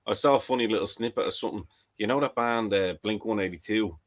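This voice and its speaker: Low-voiced man telling rambling stories. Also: fast, a bit bright. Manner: rambling anecdotal storyteller, restarts often. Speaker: podcast co-host. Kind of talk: casual wrestling chat.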